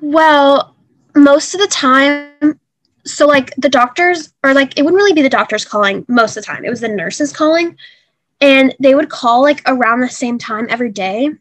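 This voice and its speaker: Earnest young woman, halting with fillers. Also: sits high, fairly bright tone, dry recording. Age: young adult. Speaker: guest. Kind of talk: personal story in an interview.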